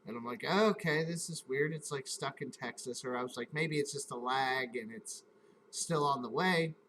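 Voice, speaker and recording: A man's voice: mid-range voice, moderate pace, a bit bright, a little hiss or hum, low-quality recording. A man hosting a live stream, casually telling a rambling, profane story and acting out his own reactions in quotes.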